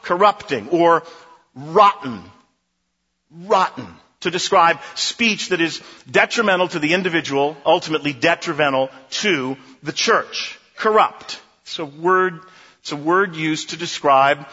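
A man's voice: on the high side, pushed and bright, husky. A middle-aged man preaching a sermon as pastor, emphatic and rhythmic, repeating key phrases in short lists. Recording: dull lo-fi recording in a reverberant hall.

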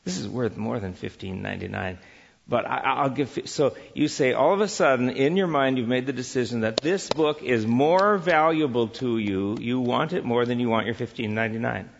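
Gravelly man asking rhetorical questions. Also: mid-range voice, moderate pace, hardly any pauses, big-room sound, muffled recording, slight background noise. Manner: lively, asks many rhetorical questions. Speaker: Christian speaker teaching on work and business. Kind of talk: teaching talk with audience interaction. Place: church.

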